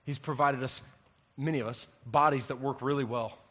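A male pastor preaching a sermon, an animated storyteller who swings from loud to hushed. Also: mid-range voice, normal speed, long reverb tail.

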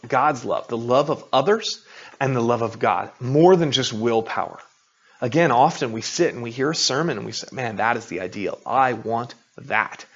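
A man's voice: medium pitch, slightly rough, muffled recording. Conversational male pastor preaching. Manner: conversational, confessional preaching with rhetorical asides. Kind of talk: sermon.

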